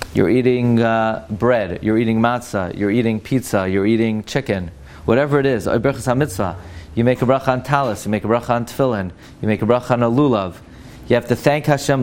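A man's voice: medium pitch, darkish tone. A man teaching a classroom lesson on Jewish law. He talks emphatically, repeats Hebrew words to correct their pronunciation and asks rhetorical questions. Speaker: Torah teacher.

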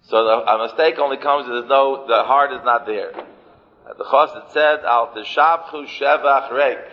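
Speaking at normal speed with medium pitch, this man preaches as a rabbi, mixing Yiddish and Hebrew words into his talk and repeating phrases to drive points home. The audio is muffled, with a long reverb like a large hall.

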